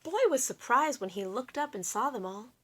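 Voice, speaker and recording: Woman, children's read-aloud, slightly high voice, expressive, explaining. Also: normal speed.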